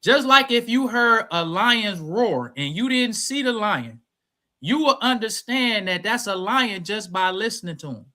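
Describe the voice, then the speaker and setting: A man with a high, bright, sharp voice argues his case in a live online debate. He repeats his points insistently and keeps talking through interruptions. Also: expressive, measured pace. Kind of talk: heated debate over a live stream.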